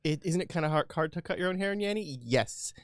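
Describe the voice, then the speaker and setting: A woman's voice: lowish voice, animated, a little fast, no echo, studio quality. A woman co-streaming a game, chatting casually and teasing herself.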